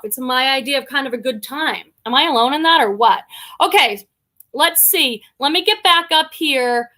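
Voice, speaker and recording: A middle-aged woman from the Boston area, with a slight Boston accent, hosts a casual livestream as a reseller, reading out comments and greeting viewers by name. Her voice is high-pitched and bright, with a forceful tone.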